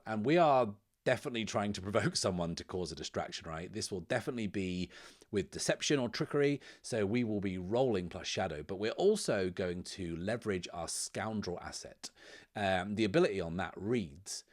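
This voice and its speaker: Man, low voice, narrates a solo tabletop game, casual and thinking aloud. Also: animated, normal speed. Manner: thinks aloud, loose, with many "like" and "right?".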